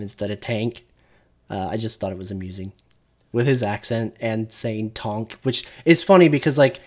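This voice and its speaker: A male streamer talks over a video he's reacting to, cursing freely and ranting in a loose, casual way. His voice sits at an ordinary middle pitch. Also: a little mellow. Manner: profane, ranting. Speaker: streamer host.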